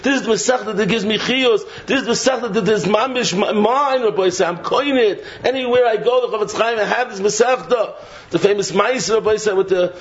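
A man giving a Torah sermon in a sing-song preaching cadence, dropping to a low, soft refrain again and again. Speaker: rabbi giving a Torah talk. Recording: dull lo-fi recording.

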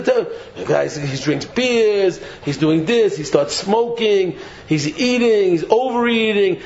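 High gravelly man preaching animatedly. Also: slight background noise. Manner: animated, mocking, laughs through his points, repeats himself; rhetorical questions. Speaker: Torah teacher. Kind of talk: sermon. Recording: dull lo-fi recording.

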